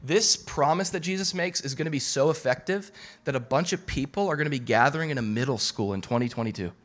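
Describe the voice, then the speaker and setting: A man preaching a sermon as pastor, animated and casual, repeating phrases for emphasis. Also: mid-range voice, fast.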